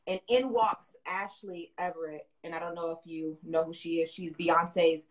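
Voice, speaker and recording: Animated woman telling her story. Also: normal speed. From American South. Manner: animated storyteller, acts out quotes with big jumps up in pitch, frequent laughs. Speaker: guest, fashion designer and brand owner. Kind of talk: casual interview storytelling.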